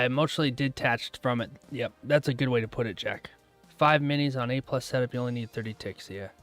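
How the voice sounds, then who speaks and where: A man running a day-trading live stream, chatting casually and answering viewers' comments aloud, relaxed and quick to laugh. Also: medium pitch. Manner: relaxed, laughs often, trails off mid-thought.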